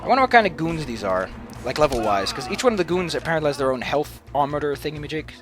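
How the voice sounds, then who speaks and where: A man's voice: fairly high pitch, sing-song, quick pace. A man giving casual let's play commentary in an anxious, rambling way, swearing heavily. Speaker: gaming commentator.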